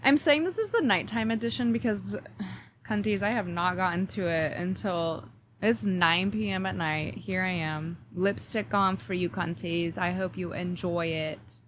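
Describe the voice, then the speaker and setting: A woman's voice: fairly low pitch, a little slow, a bit bright, slight background noise. A woman hosting a casual weekly astrology forecast, chatting playfully and cheekily straight to her viewers while reading oracle cards. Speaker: astrology reader and channel host.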